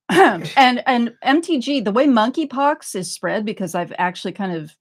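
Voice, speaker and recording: A woman's voice: on the high side, lively intonation, moderate pace. A woman hosting a casual political chat show, dry and teasing with sarcastic asides. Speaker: host.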